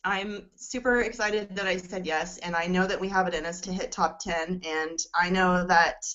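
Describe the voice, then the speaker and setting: A woman's voice: medium pitch, fairly bright tone. A woman in her forties speaks in a casual, rambling way, full of fillers and emotional, close to tears. The sound is dull and lo-fi, like a call recording. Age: 40s. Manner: rambling, many fillers, tearful at times. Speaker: network marketing coach. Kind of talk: casual personal sharing.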